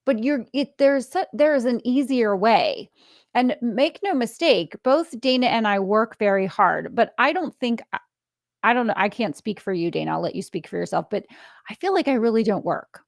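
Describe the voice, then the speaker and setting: Animated middle-aged woman podcast host. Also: fairly high pitch, moderate pace, creaky, no echo, clean studio sound. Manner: animated storyteller acting out quoted dialogue; laughs often mid-story. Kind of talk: casual interview conversation.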